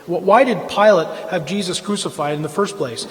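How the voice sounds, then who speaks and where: A man's voice: fairly quick, few pauses, fairly bright tone, big-room sound. A man giving an impassioned, lecture-style talk at a church event, emphatic and pressing his points. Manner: emphatic, rises in pitch and volume when pressing a point. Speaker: speaker at a church Easter event. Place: church hall.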